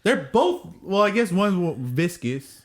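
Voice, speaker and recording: A man's voice: high-pitched, big pitch swings, measured pace. A man co-hosting a podcast in casual chat, laughing often and swearing freely as he tells stories. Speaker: podcast co-host.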